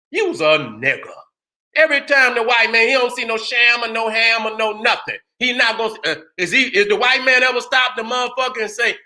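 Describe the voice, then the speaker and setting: High, bright-voiced man preaching hard. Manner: emphatic and profane, often rising to shouts; keeps asking "you understand what I'm saying". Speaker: channel host. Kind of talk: impassioned commentary monologue.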